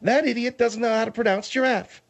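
Guy putting on a snooty prissy lady, picky about words, quick with insults. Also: very high voice, steady tone, creaky, pitched above the performer's own voice. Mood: haughty. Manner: prissy, pompous about pronunciation. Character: haughty pretentious woman, snappish and insulting.

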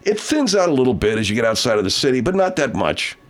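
A man's voice: mid-range voice, sing-song, fast talker. A man hosting a casual talk show, telling a rambling, profane story with many restarts. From Southern California. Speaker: show host.

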